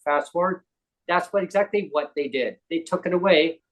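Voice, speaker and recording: A man with a Canadian accent, a guest on a talk show, telling a personal story in a casual, animated way and acting out the voices of others. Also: high-pitched, moderate pace, poor audio.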